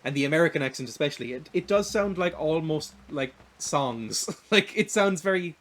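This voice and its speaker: A man's voice: on the high side, animated, normal speed, fairly bright tone. A man with an Irish accent, giving casual, rambling, self-deprecating commentary while streaming a video game. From Ireland. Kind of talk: casual let's-play commentary.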